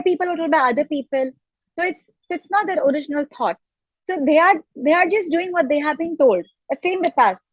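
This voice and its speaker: A woman's voice: sits high, no room sound, dull audio. A woman coach, talking earnestly and repeating phrases as she explains an idea. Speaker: self-love coach, guest. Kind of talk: reflective coaching talk.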